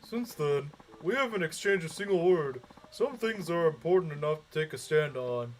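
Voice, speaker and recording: A man's voice: on the high side, expressive, moderate pace, a little hiss or hum, close to an everyday voice. A man voicing an earnest young man complaining in a letter to a radio show. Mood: aggrieved.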